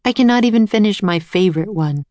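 A woman voicing a heartbroken older male inventor, speaking quietly and wearily in a storybook reading. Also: expressive, quick pace, no echo, close to an everyday voice. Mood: sorrowful. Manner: quiet, weary and low.

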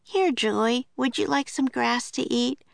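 Eager, soft-hearted little girl, put on by a woman reader; high, slightly gravelly, dry and close. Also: measured pace, no echo. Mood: cheerful. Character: excitable young girl, eager and tender-hearted.

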